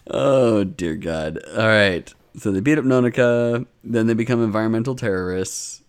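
A man co-hosting a casual podcast, recapping episodes with swearing and acted-out character lines. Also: medium pitch. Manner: animated, swearing, acts out characters' lines in raised voices. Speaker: podcast co-host. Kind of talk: casual chat recapping an anime.

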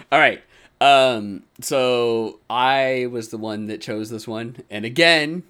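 A man's voice: medium pitch, animated, drawn-out words, fairly bright tone, clear, resonant tone. A man hosting a podcast in casual chat, laughing often and teasing his co-hosts. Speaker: podcast host.

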